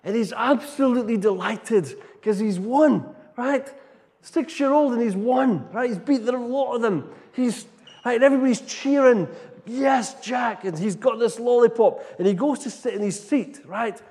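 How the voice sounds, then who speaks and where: A middle-aged man preaching a storytelling sermon, animated, tagging his sentences with "right?". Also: very high-pitched, normal speed. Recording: long reverb of a large hall.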